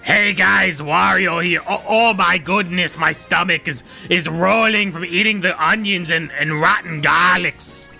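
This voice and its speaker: A man doing a loud, slow, groaning impression of a gassy, greedy cartoon villain. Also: sits high, gravelly, faint music behind, exaggerated voice.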